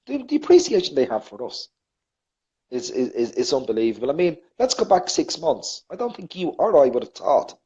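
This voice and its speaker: A man's voice: mid-range voice, a little mellow. Earnest man on a dull lo-fi line. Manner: earnest, repetitive, enthusiastic. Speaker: co-host of a poetry show. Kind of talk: casual chat on a live show.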